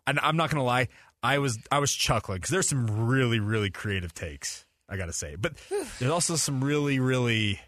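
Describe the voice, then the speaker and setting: A man hosting a sports radio show in a studio, bantering casually with animated, chuckling rants. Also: mid-range voice, moderate pace, no echo.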